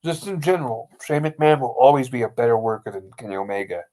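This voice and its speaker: A man's voice: medium pitch, lively intonation, quick pace, mellow. A man co-hosting a casual wrestling recap podcast, blunt and opinionated, calling his partner bro. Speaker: podcast co-host.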